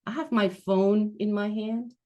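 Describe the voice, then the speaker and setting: Slow, reflective woman telling a story. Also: medium pitch, steady tone, mellow, highs cut off. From Switzerland. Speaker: guest speaker, transition coach. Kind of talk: personal storytelling talk.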